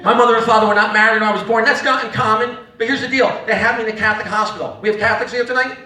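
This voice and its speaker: Male stand-up comic, bright, heard a bit off-mic in a roomy venue. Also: very high voice, fairly even intonation, rapid-fire, recorded from a distance. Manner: rowdy, acts out voices, audience laughs throughout. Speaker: stand-up comedian. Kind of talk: live stand-up comedy.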